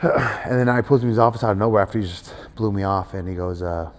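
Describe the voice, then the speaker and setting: A middle-aged man telling his story in a casual interview, animated, acting out other people's voices, with many fillers. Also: lowish voice, fast. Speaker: guest wrestler. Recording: hall reverb.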